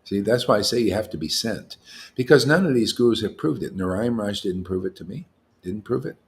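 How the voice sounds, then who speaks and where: Guy preaching casually to devotees, super lively up-and-down voice, keeps repeating himself, pushy and emphatic. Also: fairly low pitch, brisk. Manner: animated, emphatic, challenging, colloquial. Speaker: spiritual teacher. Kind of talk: informal sermon to devotees.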